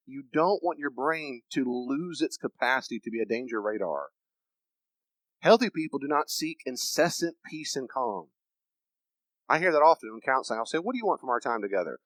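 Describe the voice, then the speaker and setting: A man's voice: medium pitch, animated, fairly quick, dry recording, poor audio. A man, a counselor and preacher, giving an emphatic teaching lecture and acting out the voices he quotes.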